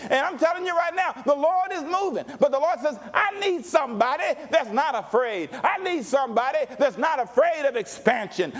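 A male pastor preaching a sermon with call-and-response, dropping to low asides and rising to shouts.

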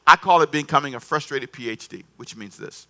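A man preaching a sermon in an animated, conversational way, repeating himself and calling on the congregation to answer. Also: medium pitch, brisk, vocal fry. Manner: animated, repetitive, conversational preaching with call-and-response. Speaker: pastor.

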